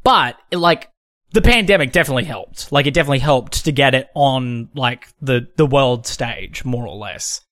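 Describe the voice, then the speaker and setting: A man's voice: a little high, fairly bright tone, no room sound, clean studio sound. A man co-hosting a casual film podcast, talking animatedly, swearing freely and laughing often. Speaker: podcast co-host.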